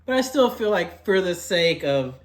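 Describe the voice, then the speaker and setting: A young man with a voice pitched a little above the usual male range, chatting loosely to camera about a cheap meal. He rambles, leans on fillers, and drifts between a mumble and a louder push. He sometimes talks with food in his mouth. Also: big pitch swings, moderate pace. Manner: eats while talking. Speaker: food vlogger. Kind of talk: casual eating vlog.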